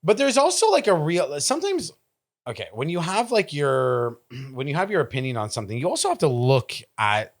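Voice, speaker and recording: A man co-hosting a casual podcast, talking earnestly and agreeing often with quick yeahs. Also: fairly high pitch, big pitch swings. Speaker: podcast co-host. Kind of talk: casual chat.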